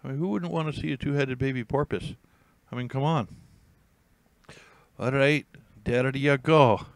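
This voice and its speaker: A man's voice: mid-range voice, moderate pace, creaky, dry recording. A man hosting a casual live stream, reading headlines aloud with rambling, jokey, self-mocking asides.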